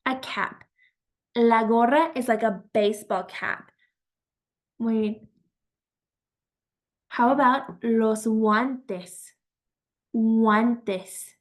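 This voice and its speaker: A woman teaching vocabulary in a slow, patient, encouraging way, repeating each word and praising the learner. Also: on the high side, steady tone. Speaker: Spanish teacher. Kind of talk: slow vocabulary lesson with pauses.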